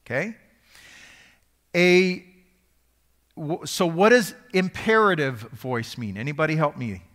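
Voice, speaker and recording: A man's voice: fairly high pitch, slow pace, a bit bright, in a large hall. A man preaching a sermon to a live congregation, teaching in a conversational way and quizzing the audience.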